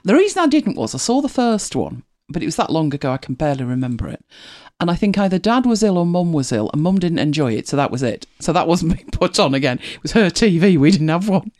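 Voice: mid-range voice, big pitch swings, quick pace, few pauses, darkish tone. A host chatting casually to viewers on a livestream, rambling and correcting themselves as they go. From United Kingdom. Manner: chatty, rambling, self-correcting, laughs often.

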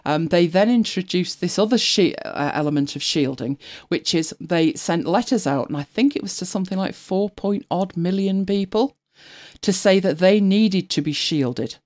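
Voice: mid-range voice, expressive, normal speed, a little mellow. A co-host chatting loosely on a talk show, rambling with many fillers and restarts. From United Kingdom. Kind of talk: casual panel chat.

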